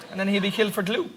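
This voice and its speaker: A man on a comedy panel, telling animated stories and laughing often. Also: sits high. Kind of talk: comic banter on a panel. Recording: noisy amateur recording.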